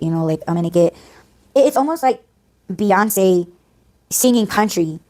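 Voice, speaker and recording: A woman's voice: on the low side, moderate pace, long pauses, a little mellow. A woman hosting a podcast, venting in a blunt, profane, casual ranting monologue. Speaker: podcast host.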